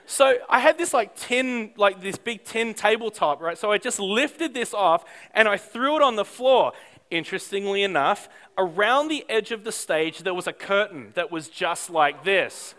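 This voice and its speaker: A middle-aged man preaching a sermon, telling a story in an animated, self-deprecating way with frequent restarts. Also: high voice, moderate pace. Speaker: pastor.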